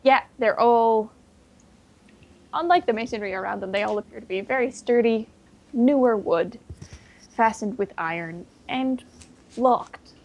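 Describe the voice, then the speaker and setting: Eine Frau leitet als Spielleiterin ein Tischrollenspiel und beschreibt die Szenen ausführlich und amüsiert. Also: female voice, a little high, animated, a little mellow, dull audio, a little hiss or hum. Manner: descriptive, amused, drawn-out narration. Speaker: game master. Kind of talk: narrating a tabletop game.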